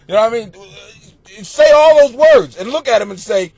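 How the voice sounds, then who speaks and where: A man hosting a comedy podcast, reading out listener questions and answering them in a crude, profane, mocking rant that swings into yelling. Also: very high-pitched, lively intonation, normal speed, creaky, dry recording. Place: home basement.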